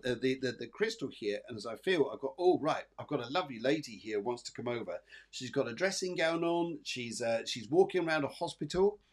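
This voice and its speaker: A psychic show host with a medium-pitched, darkish voice gives live readings. His delivery is repetitive and meandering, thick with fillers and false starts, but the tone is gentle and reassuring as he names each viewer.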